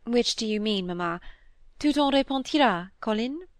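A woman reading the part of a witty, playful young Victorian woman, light and teasing, a little higher in pitch. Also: expressive, normal speed, no room sound, lightly acted. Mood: gentle. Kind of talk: audiobook character reading.

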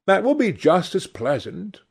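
A man's voice: high-pitched, very animated, measured pace, a little mellow, husky, voice pushed up, exaggerated voice. A man doing a charming, evasive young man. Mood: airy, evasive.

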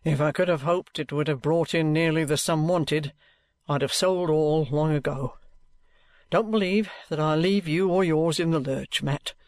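A man's voice: fairly high pitch, moderate pace, dry recording, natural voice. A man reading an audiobook, voicing a penitent old trooper who speaks in a subdued, apologetic way. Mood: rueful. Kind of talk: audiobook character voice.

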